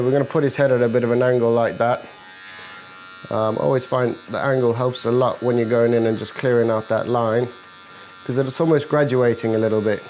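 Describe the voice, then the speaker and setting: A man's voice: medium pitch, a little mellow, slight background noise, poor audio. Man narrating a barbershop haircut. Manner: explains each step while cutting, jokey with client. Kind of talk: hair-cutting tutorial narration with client chat. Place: barbershop, indoors. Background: faint buzz of electric clippers.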